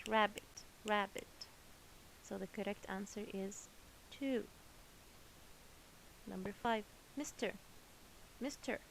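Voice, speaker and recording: A woman's voice: medium pitch, gravelly, a little hiss or hum, rough recording. A woman teaching a children's English lesson, patiently repeating each word twice.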